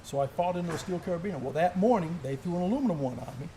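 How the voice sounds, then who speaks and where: Animated middle-aged man telling army stories. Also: high-pitched, racing, noisy background. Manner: animated, vivid play-by-play storytelling. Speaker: military veteran telling war stories. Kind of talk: live interview storytelling. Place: indoor gun shop event space.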